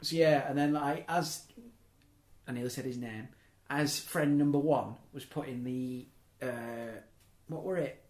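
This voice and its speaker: A man's voice: mid-range voice, steady tone, unhurried, a little mellow. A young man, telling long rambling stories in casual podcast chat, breaking off mid-sentence and adding chuckling asides. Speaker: podcast host. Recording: echoey room.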